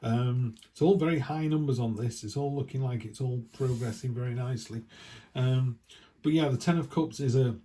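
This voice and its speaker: Male tarot reader, mellow warm tone, rambling casual delivery with asides. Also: mid-range voice, moderate pace. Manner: rambling, chatty, restarts and asides. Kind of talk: casual weekly tarot reading.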